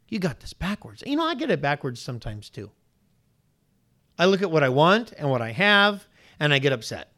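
A man preaching a sermon to a congregation, animated and questioning, his pitch rising sharply on points of emphasis. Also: moderate pace. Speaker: pastor.

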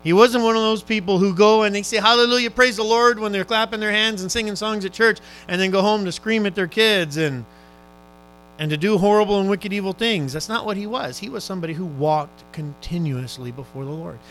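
This man's voice sits high as he delivers an impassioned sermon at a slightly fast pace, urging his listeners on. His tone alternates between loud, urgent pleas and hushed questions. The audio is poor.

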